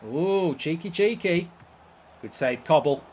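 A man commenting live on a football video game, swearing and reacting loudly to each play. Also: a little high, animated, slow, slight background noise. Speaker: YouTube gaming host.

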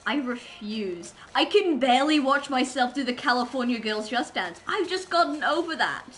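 Woman, livestreamer, casual rambling chat, self-mocking, giggly, slightly high voice. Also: lively intonation, moderate pace, fairly bright tone, poor audio. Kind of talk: casual chat with stream chat while gaming.

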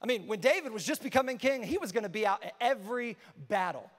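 A man preaching a sermon as pastor, energetic and casual, repeating phrases for emphasis. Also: sits high, fast, big-room sound.

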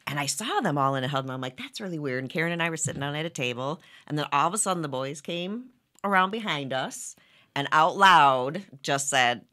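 A woman's voice: sits low, fairly quick. A middle-aged woman, a band member's mother, telling stories in a casual interview and acting out the quotes. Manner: animated, acts out quotes.

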